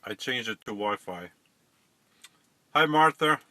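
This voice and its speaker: A man's voice: mid-range voice, animated, takes it slowly, pushed and bright, dry recording. A middle-aged man hosting a casual live stream, chatting to viewers and fumbling with settings.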